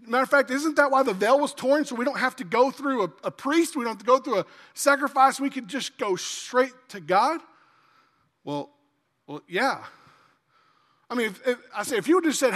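A man preaching a sermon, telling personal stories and acting out the voices of the people in them, slowing down to stress key words. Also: extremely high pitch, animated, a bit bright, in a large hall. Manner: storytelling preacher, acts out quoted voices, slows for emphasis. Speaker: pastor.

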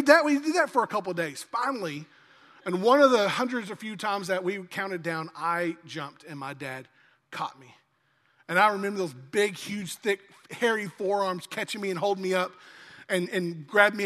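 A man's voice: high-pitched, a bit bright. A man preaching a sermon in a church, telling a folksy story. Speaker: pastor. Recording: long church-hall reverb.

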